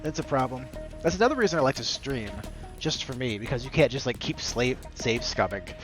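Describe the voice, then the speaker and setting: A man gives rambling, joking commentary while playing a game on stream, speaking to his viewers directly. His voice sits at a middle pitch, with game music behind it. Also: animated, a little fast. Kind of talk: casual gameplay commentary.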